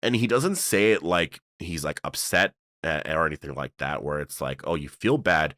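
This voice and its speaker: A man with a very low voice talks through a TV episode review. He rambles and leans on fillers, excitable but loose. The sound is dry and close. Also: moderate pace, no echo. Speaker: show reviewer. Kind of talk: casual video breakdown.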